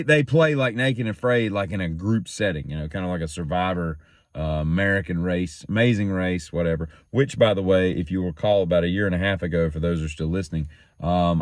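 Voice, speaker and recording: Deep-voiced joking man rambling. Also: no room sound, studio quality. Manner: joking, self-teasing, wanders off topic. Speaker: daily show host. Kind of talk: rambling casual storytelling.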